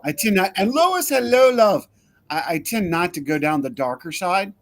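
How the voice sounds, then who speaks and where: Upbeat male host on a video call, slightly high-pitched, playful and welcoming. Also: very animated, normal speed, slight background noise. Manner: upbeat, playful, greets people by name. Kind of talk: casual chat.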